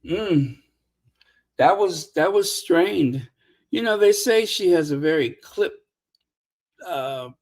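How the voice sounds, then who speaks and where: A woman hosting a commentary channel, talking casually and sarcastically over clips, with fillers and pauses. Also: rumbling low, darkish tone. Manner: sarcastic, mocking, unhurried with fillers. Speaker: royal commentary channel host.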